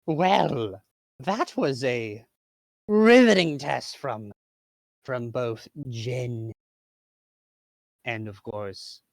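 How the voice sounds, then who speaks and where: Pompous tabletop-game villain boss, a man putting it on, grandiose and slow. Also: mid-range voice, lively intonation, creaky, no room sound, studio quality, heavily acted. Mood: gloating.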